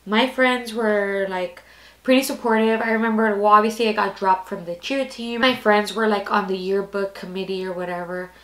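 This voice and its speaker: A young woman in her twenties recounts her own story to camera in a loose, confessional way, padding her sentences with "like" and circling back as she goes. Her voice sits at a middle pitch, and the roomy, echoey space around her carries each word. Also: fairly even intonation, normal speed, fairly bright tone. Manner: candid, rambling, heavy use of "like". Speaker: storytime vlogger. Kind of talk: casual personal storytelling. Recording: echoey room.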